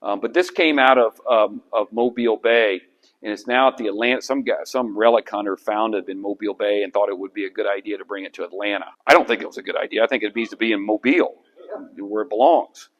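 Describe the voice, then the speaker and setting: A middle-aged historian talks a roundtable through his slides. His voice runs somewhat low, and he tells his material with animated, storytelling energy and plenty of conversational restarts. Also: fast, highs cut off. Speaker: historian and author giving a talk. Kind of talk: lecture to a history club with slides.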